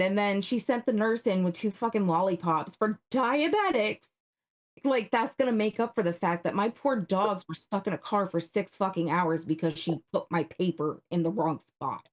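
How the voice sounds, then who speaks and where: A woman's voice: mid-range voice, moderate pace, muffled recording. Fired-up swearing woman co-host. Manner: frank, worked-up, swears freely. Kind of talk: casual live-stream chat.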